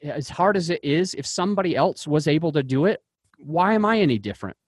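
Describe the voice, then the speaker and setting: Real estate investor, male, earnest interview storyteller with a higher voice and a dry sound, who often backtracks mid-sentence. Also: expressive, brisk, slightly rough, dry recording. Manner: earnest, with frequent restarts and fillers.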